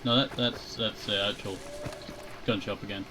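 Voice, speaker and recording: A man's voice: mid-range voice, fairly quick, a little hiss or hum, rough recording. Laid-back young man rambling over gameplay. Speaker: streamer playing a shooter game. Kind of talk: casual gaming commentary.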